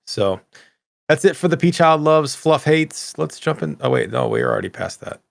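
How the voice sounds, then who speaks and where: A man's voice: fairly high pitch, lively intonation, moderate pace, vocal fry, dry recording. A man hosting a gaming podcast in casual chat, telling long rambling stories with frequent self-corrections. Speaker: podcast host.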